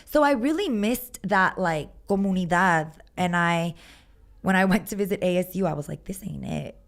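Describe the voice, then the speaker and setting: A woman tells her stories in a lively, casual way, peppering them with "like" and playing out quoted voices. Her voice sits a little low for a woman. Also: normal speed, vocal fry. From Texas. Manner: animated storyteller, lots of "like", acts out quotes. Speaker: guest musician. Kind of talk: casual chat.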